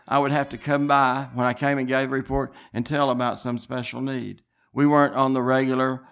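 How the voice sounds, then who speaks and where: A man's voice: medium pitch, a bit bright, clear, resonant tone. A man preaching a sermon. He tells long stories in an earnest, insistent tone, often stopping and restarting his sentences. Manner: rambling storytelling with frequent restarts.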